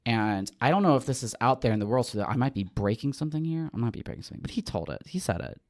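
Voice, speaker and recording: A man hosting a podcast, talking in a relaxed, chatty way and spinning stories with a wry edge. His voice sits at an ordinary middle pitch. The sound is close and dry, with no room around it. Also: very fast, no room sound. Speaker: podcast host. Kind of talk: casual podcast chat.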